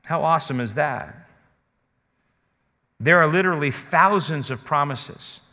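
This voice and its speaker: A man with a high, bright voice preaches a sermon with earnest conviction. He puts questions straight to his listeners and slows down to stress the words that matter. His voice rings out with a long hall reverb. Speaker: pastor.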